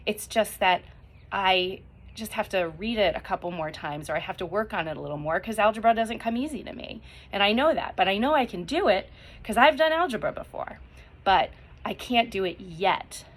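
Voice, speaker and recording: A woman's voice: medium pitch, a bit bright. A middle-aged woman giving encouraging mental-skills tips at home, upbeat and acting out quoted self-talk. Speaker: cheer mental-skills speaker.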